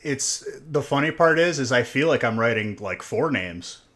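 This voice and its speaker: A man's voice: mid-range voice, lively intonation, normal speed, fairly bright tone. A young man hosting a live stream where he opens trading card packs, rambling in casual chat and teasing his viewers. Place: alone in a room.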